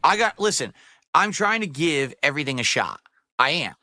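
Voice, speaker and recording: A man's voice: fairly high pitch, sing-song, normal speed, sharp tone, no room sound. A man from the United States chatting on his stream, rambling and earnest as he explains himself at length. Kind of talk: casual streaming chat.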